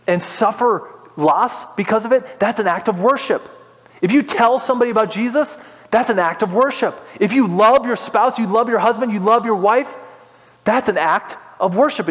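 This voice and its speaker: A young male pastor preaches with animated, impassioned energy. His voice sits fairly high. Long reverb from the hall trails his words. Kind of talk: sermon.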